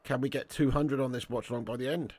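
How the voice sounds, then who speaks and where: A man's voice: mid-range voice, fairly even intonation, fast talker, darkish tone, breathy edge, no echo. A young man hosting a casual live watch-along, reading chat and bantering with viewers as lad and mate.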